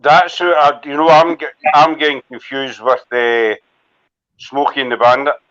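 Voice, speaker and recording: A man's voice: medium pitch, flat delivery, normal speed, a bit bright, dull audio. A man chatting casually as a podcast co-host, rambling with restarts and fillers. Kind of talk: casual chat.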